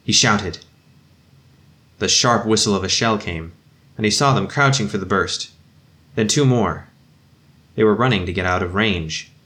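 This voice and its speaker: A man reading a war story aloud in a measured, solemn way. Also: fairly low pitch, sharp tone. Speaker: narrator. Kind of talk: audiobook reading.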